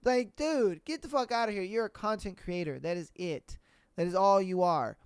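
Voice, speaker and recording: A man's voice: high voice, normal speed, clean tone, no room sound, clean studio sound. A man hosting a podcast alone, ranting bluntly in casual slang with plenty of swearing. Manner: blunt, profane, animated, with slang. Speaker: podcast host. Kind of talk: casual solo rant.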